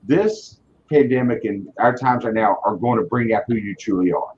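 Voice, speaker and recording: A man's voice: on the low side, moderate pace, darkish tone, a little hiss or hum. Earnest man, dull lo-fi sound. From Virginia, US. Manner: earnest, repeats words when starting thoughts. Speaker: car dealership leader, guest. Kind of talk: casual interview talk. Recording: dull lo-fi audio.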